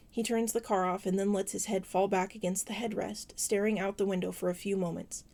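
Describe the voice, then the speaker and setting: A woman narrating a fan fiction story as a podfic reader, in a steady, even reading voice. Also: mid-range voice.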